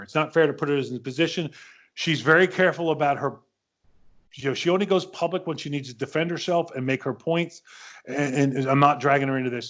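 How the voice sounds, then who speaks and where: Speaking with a slightly bright, mid-range voice, this fifties-aged podcast host spins a rambling, easygoing story. He keeps doubling back and starting sentences over, and he acts out the dialogue of the people he's describing.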